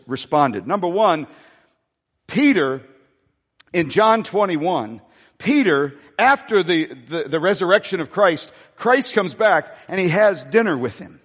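A man's voice: high voice, breathy edge. A male pastor preaching a sermon in a conversational way, with folksy asides. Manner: conversational, with folksy asides and dramatic soft-voiced quotes. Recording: long reverb of a large hall.

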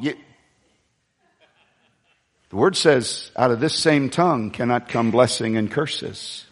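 A man's voice: medium pitch, slow pace, long pauses, in a large hall. A male pastor preaching a sermon, rambling into storytelling asides and calling on the congregation to repeat after him.

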